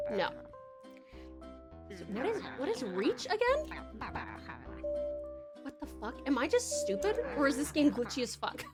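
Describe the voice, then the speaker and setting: Aussie woman streaming a game, super high pitched, swears and laughs a lot, game music playing under her. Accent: Australian. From Tasmania, Australia. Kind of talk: casual gameplay commentary.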